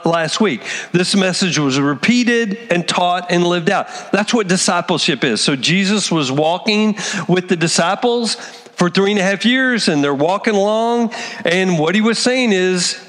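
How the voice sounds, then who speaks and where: A male pastor delivers an emphatic sermon to his congregation. His voice sits high, and it carries with a long reverb through the church. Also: a bit bright. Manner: earnest, emphatic preaching. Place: church sanctuary.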